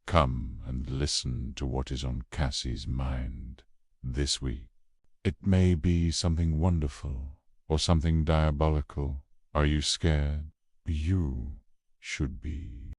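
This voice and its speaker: A man voicing an ominous, deep-voiced announcer introducing a segment in a slow, menacing, theatrical way. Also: flat delivery, darkish tone, no room sound, studio quality, heavily acted.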